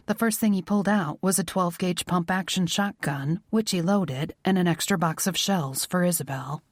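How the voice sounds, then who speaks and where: Audiobook narrator, woman, low-set voice, soft measured read, dry booth. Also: dry recording. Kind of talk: scripted narration.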